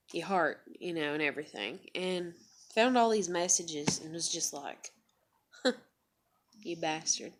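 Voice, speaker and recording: Candid rambling woman. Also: lowish voice. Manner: rambling, candid, swears freely, many fillers. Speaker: vlogger. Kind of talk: confessional vlog monologue.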